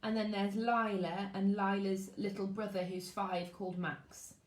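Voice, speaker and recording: A female primary school teacher, mid-range in pitch and measured in pace, teaches over a live stream from her living room. Lively and welcoming, she greets pupils by name, reads out comments, and chats before reading aloud. Her room sounds echoey.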